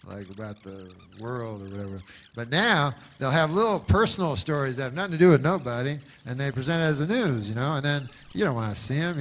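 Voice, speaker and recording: A man telling a meandering stand-up story in a deadpan way, full of asides. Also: mid-range voice, a little hiss or hum. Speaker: stand-up comedian.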